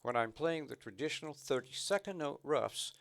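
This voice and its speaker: A man's voice: a little high, expressive, normal speed, vocal fry. A man teaching snare drum technique, patiently explaining and counting rhythms aloud between demonstrations. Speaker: drum instructor. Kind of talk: instructional demonstration.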